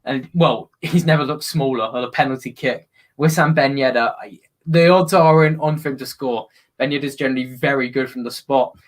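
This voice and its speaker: A man hosting a live football watch-along, chatting and breaking into excited commentary. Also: medium pitch, brisk. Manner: excitable, bursts into loud commentary on goals.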